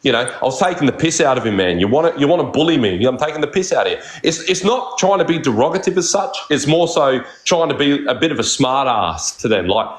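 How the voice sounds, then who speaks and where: A man's voice: mid-range voice, roomy sound, poor audio. A man with an Australian accent ranting on a live stream, crude and defensive, swearing constantly. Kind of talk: heated live-stream rant.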